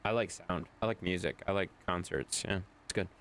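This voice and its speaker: A man's voice: low-pitched, fairly quick, fairly bright tone. A man streaming live, chatting casually and rambling as he answers viewers' chat.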